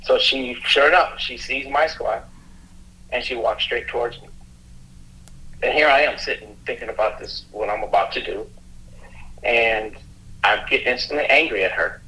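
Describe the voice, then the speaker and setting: A middle-aged man tells a painful personal story in an earnest, halting way, stopping and restarting his sentences. His voice is bright and forward, and it is of middling pitch. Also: rough recording. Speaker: police officer and youth mentor, guest.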